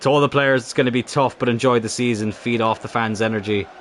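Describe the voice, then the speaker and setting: A man's voice: medium pitch, fairly even intonation, quick pace, a bit bright. Male gaming commentator, exasperated and profane, faint noise in the background. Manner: frustrated, swearing, talks to the players on screen. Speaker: gaming YouTuber playing a football career mode. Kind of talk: live gameplay commentary.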